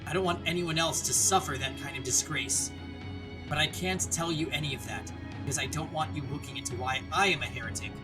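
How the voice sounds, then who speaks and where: A woman voicing a gentle, doomed young man who speaks quietly and earnestly, reading a visual novel aloud. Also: low-pitched, fairly quick, music in the background, close to an everyday voice. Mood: resigned.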